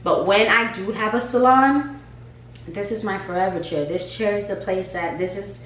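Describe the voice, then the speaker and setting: A woman's voice: medium pitch, moderate pace, distant mic. A woman hair stylist vlogging in her home studio, telling a casual story and acting out the conversations. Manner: animated, acts out conversations. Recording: roomy echo, faint hum.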